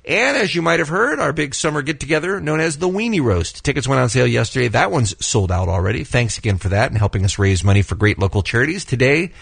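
Brief: male radio host, brisk and teasing, lively pitch, dry studio sound. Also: creaky, slightly rough, dry recording. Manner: brisk, teasing, runs the show. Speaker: radio morning show host. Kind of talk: morning radio banter and show rundown. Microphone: studio microphone.

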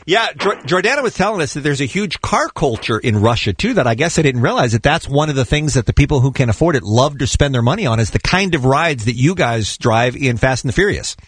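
A man's voice: medium pitch, lively intonation, fast, hardly any pauses, husky, dry recording. A male radio host asking a phone guest questions in a chatty, enthusiastic way. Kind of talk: radio interview.

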